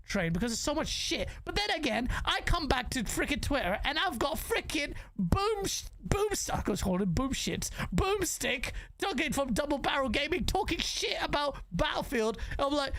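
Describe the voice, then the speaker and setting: A woman hosts a heated gaming podcast, cursing and mocking rivals in a sarcastic rant. Her voice is fairly high with a gravelly, creaky edge. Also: very animated, moderate pace, few pauses, a bit bright. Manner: ranting, profane, sarcastic. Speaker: podcast host.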